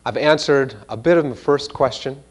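A man preaching a sermon in a church, animated and earnest, sometimes mimicking voices in quoted asides. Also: mid-range voice, moderate pace. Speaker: pastor.

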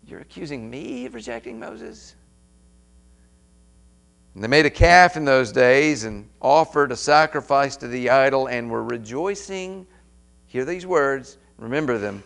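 A man preaching a sermon, his voice gravelly with a steady mid pitch. He reads scripture aloud and then presses his points with rising emphasis. A faint mains hum runs underneath. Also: a little slow. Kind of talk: expository sermon.

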